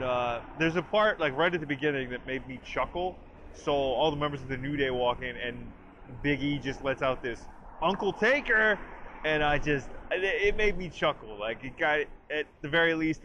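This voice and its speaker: Male host, casual trailer review, chatty, bright forceful tone, faint background noise. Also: mid-range voice, muffled recording. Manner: chatty, lots of "like" and restarts; animated retelling with quoted lines.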